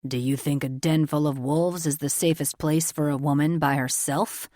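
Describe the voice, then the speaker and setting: A woman voicing a sleazy, condescending male agent who talks in a slow drawl. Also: sits low, steady tone, dark tone, dry recording, studio quality, natural voice.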